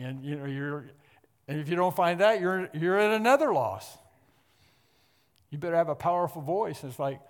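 A man preaching an expository sermon, emphatic and repetitive, often clearing his throat. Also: fairly high pitch, expressive, normal speed. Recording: long hall reverb.

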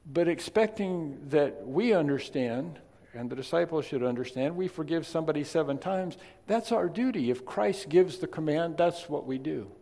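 Male preacher, gravelly, talky asides rising to forceful emphasis, in a reverberant hall. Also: fairly high pitch, expressive, moderate pace. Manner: conversational, swings from quiet asides to emphatic loud stresses. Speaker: pastor. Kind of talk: sermon. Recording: long reverb of a large hall.

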